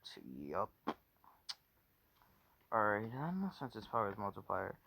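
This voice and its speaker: Guy with a lowish voice making up a story as he goes, swings up and down a lot, keeps correcting himself. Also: wildly swooping pitch, measured pace, gravelly, pushed and bright, husky. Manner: rambling, with many self-corrections and swearing. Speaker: fan fiction storyteller. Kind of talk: casual improvised storytelling.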